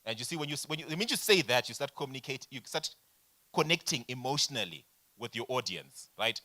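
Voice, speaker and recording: A man in his forties teaches a business workshop with a bright, forceful voice, keeping it lively with constant questions to the room. His pitch sits in an ordinary middle range. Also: fast. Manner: animated, addresses audience directly with rhetorical questions. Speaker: workshop facilitator. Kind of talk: lecturing a workshop.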